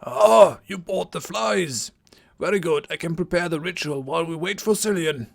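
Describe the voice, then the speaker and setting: A man voicing an eccentric old male druid hermit with a strained, reedy old voice, rambling slowly and condescendingly. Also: a little high, gravelly, voice pushed up.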